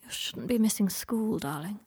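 A woman's voice: medium pitch, expressive, moderate pace, darkish tone, slightly rough, dry recording. A woman voicing an injured, weak young man with a dry wit, speaking faintly and often in a whisper, in a read-aloud story. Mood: weak, dazed.

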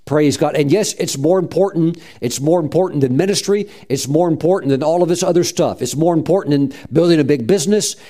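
A middle-aged male pastor preaches with fervent conviction, his voice mellow and warm, sitting a little high for a man. He punctuates his points with "praise God" and acts out the voices he quotes. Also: a little fast, few pauses. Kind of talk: sermon.

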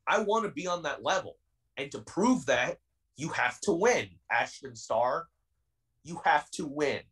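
A man's voice: fairly high pitch, lively intonation, unhurried, fairly bright tone, distant mic, rough recording. A young man in his twenties, a pro wrestler being interviewed on a podcast, talking in a heated, defiant and intense way. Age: 20s.

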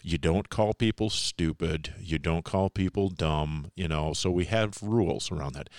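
A middle-aged man co-hosting a podcast in casual chat, telling stories in an animated way and laughing often. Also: low voice, moderate pace, no echo, studio quality. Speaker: podcast co-host.

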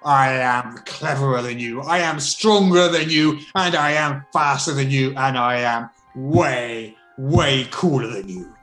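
A woman's voice: extremely low pitch, measured pace, few pauses, a bit bright. A man voicing a harsh, boastful female villain duchess with an edge to her voice in a tabletop game. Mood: taunting. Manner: taunting, grandiose boasting. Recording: roomy echo, faint music.

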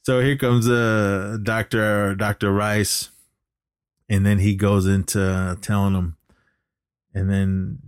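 A man's voice: fairly low pitch, little pitch movement, takes it slowly, clear, resonant tone, no room sound, clean studio sound. A man co-hosting a casual podcast, recapping a movie plot in a rambling way, full of fillers and acted-out lines. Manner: rambling retelling with many fillers, acting out lines. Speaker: podcast co-host.

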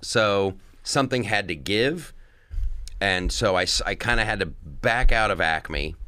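A male comedian telling stories in a casual interview, animated and acting out impressions. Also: fairly low pitch, measured pace, clear, resonant tone, dry recording. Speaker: comedian guest.

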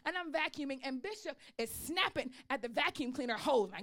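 Animated high-voiced woman preacher. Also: a little fast, hardly any pauses. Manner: animated, storytelling, calls for response from audience. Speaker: pastor. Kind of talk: sermon with personal story.

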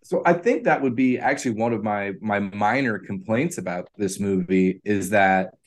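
A man with a fairly low voice co-hosts a casual podcast. He lays out his opinions slowly and at length. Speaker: podcast co-host. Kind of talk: casual movie chat.

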